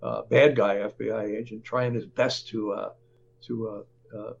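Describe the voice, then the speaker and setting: A man who writes and reports, talking as an interview guest, halting often, with fillers and restarts. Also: lowish voice, level tone, gravelly, highs cut off, slight background noise. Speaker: author and reporter.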